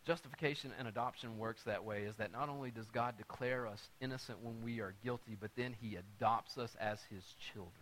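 A man preaching a sermon as pastor, telling a personal story and swinging from quiet, conversational storytelling to loud, emphatic preaching. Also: medium pitch, fairly quick, hardly any pauses.

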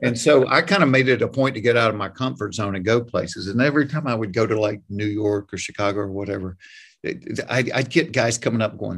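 A Georgia-born comedian with a Southern accent talks fairly quickly in a lowish voice. As a guest in an easygoing interview, he shares animated anecdotes in a folksy, plainspoken manner.

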